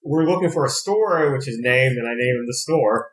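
A man's voice: mid-range voice, animated, moderate pace, roomy sound, rough recording. A man playing in a tabletop game, chatting casually and a little pedantically. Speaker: player.

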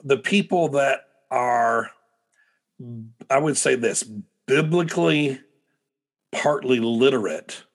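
A man's voice: mid-range voice, slow. A middle-aged American man, a preacher and guest, telling stories animatedly in a podcast interview with frequent restarts. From United States.

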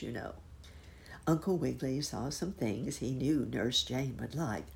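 Very low, gravelly woman narrating a storybook. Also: a little hiss or hum. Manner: expressive, lively reading.

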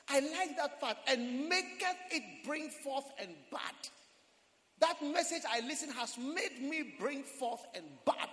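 A man preaches to his congregation in a very bright, piercing high voice. His delivery swings between quiet scripture reading and sudden dramatic shouts. A long reverb trails every phrase, as in a large church hall. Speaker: pastor. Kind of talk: sermon.

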